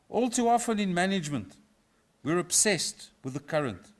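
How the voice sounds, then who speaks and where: A middle-aged professor from South Africa, giving a formal inaugural lecture in a measured, reflective way with a touch of humour. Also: male voice, sits high, very animated. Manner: measured, reflective, lightly humorous. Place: university auditorium.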